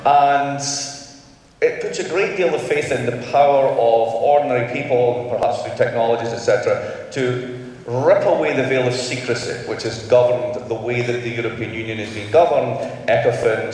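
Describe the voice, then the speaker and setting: A man's voice: mid-range voice, normal speed, a little mellow. Panel moderator: a chatty man, recorded at a distance in an echoing hall. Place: large conference hall. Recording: echoey hall from far off.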